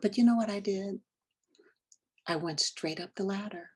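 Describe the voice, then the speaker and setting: A middle-aged woman presenting a lesson, telling a personal story in an animated way, acting out dialogue and dropping to whispers. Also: mid-range voice, moderate pace, breathy edge.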